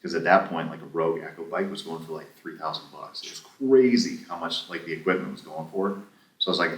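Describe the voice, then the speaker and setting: A former gym owner, appearing as a podcast guest, casually tells a long story in a very deep yet fairly bright voice at a brisk pace, acting out both sides of the conversations. The room is echoey and the mic somewhat distant.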